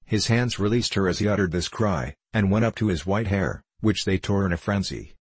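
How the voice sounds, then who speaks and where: Low, husky man narrating an audiobook. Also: expressive, moderate pace, dry recording. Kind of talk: scripted narration.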